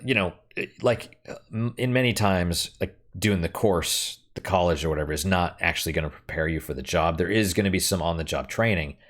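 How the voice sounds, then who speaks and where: A man's voice: low-pitched, fairly bright tone. A young man chatting casually and frankly while playing a game, rambling and swearing now and then. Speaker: gaming streamer.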